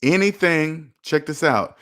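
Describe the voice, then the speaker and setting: With a fairly bright voice on the high side and a measured pace, a man hosts a personal finance channel. His motivational livestream addresses viewers head-on in a repetitive, preachy, emphatic style.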